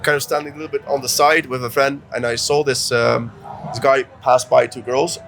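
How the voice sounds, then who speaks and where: A man's voice: mid-range voice, brisk, gravelly, faint music behind. A man co-hosting a casual chat, telling a story with many fillers and acting out what people said. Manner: animated storyteller, acts out quotes, many fillers. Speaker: dating coach, co-host.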